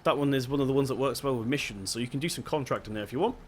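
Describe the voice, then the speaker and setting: A young man with a mid-range voice talks very fast while hosting a gaming video. His let's-play commentary is casual, chatty and rambling. He frequently stops to correct himself.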